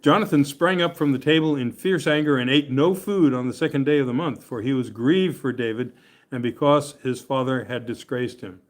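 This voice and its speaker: A man's voice: mid-range voice, normal speed. A man leading a Bible study class, reading scripture aloud and explaining it in a chatty, joking way. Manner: chatty and joking, often laughing and checking in with "okay?".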